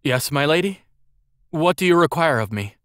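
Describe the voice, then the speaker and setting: Dude doing a scared little butler boy, high voice, stuttering sorry over and over. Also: expressive, normal speed, fairly bright tone, clear, resonant tone, no echo, studio quality. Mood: cowering, pleading. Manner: stammering, pleading apologies. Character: timid, weak-spirited boy butler.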